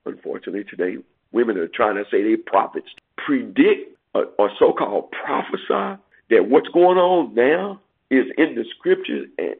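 A male preacher delivers an emphatic sermon in a gravelly, husky voice. He repeats phrases and jumps up in pitch to drive home his warnings. The sound is a tinny, phone-like radio broadcast. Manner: emphatic, repeats phrases, swings from low to high pitch when stressing points.

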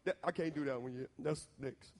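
A man with a Southern American accent who preaches a storytelling sermon. He talks straight to the listeners in a folksy way, and at times his voice builds into shouting. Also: a little high, fairly quick, long reverb tail. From Southern United States.

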